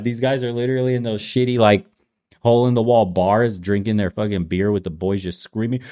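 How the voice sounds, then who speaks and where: A man's voice: lowish voice, fairly even intonation, brisk, warm tone. A man hosting a casual reaction commentary, ranting bluntly and swearing often. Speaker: host.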